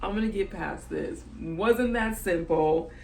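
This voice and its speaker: A woman's voice: lowish voice, measured pace, vocal fry, darkish tone, low-quality recording. A young woman vlogging about a hard stretch of her life, crying and laughing through tears as she talks openly. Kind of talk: emotional personal vlog.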